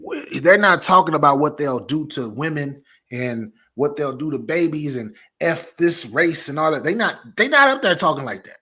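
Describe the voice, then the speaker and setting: A man's voice: on the high side, lively intonation, moderate pace, hardly any pauses, bright, forceful tone, husky. A man co-hosting a sports podcast, talking animatedly in casual debate and often repeating words as he thinks. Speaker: podcast co-host.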